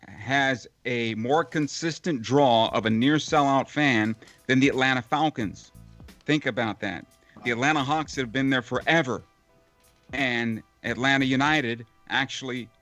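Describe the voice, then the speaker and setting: A man's voice: medium pitch, a bit bright, no room sound. A man, a veteran radio play-by-play broadcaster, answering interview questions in a reflective, rambling way with many fillers. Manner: reflective, speaks in long run-on lists with fillers. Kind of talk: casual interview over a call.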